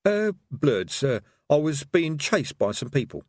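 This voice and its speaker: A man's voice: a little high, big pitch swings, a little slow, no room sound, pitched above the performer's own voice, exaggerated voice. A man voicing a nervous, cowardly male wizard who hesitates and stammers.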